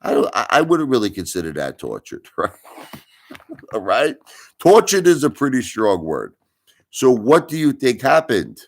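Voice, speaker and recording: Deep-voiced middle-aged man ranting on a stream. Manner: insinuating, rhetorical, repeats himself. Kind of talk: livestream commentary.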